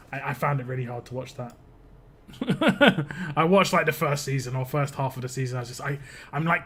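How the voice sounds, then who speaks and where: A British man with a slightly high, somewhat bright voice hosts a live game stream. He chats casually with viewers as he plays, rambling and cutting himself off.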